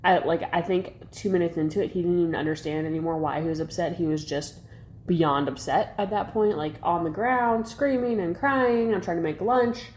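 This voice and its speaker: A woman's voice: lowish voice, normal speed, darkish tone, slight background noise. A young woman co-hosting a podcast, talking candidly in a rambling casual chat full of fillers. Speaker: podcast co-host.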